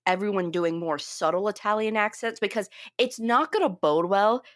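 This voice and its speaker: A woman co-hosting a film podcast, chatting casually with quick asides. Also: medium pitch, dry recording, studio quality. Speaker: podcast co-host.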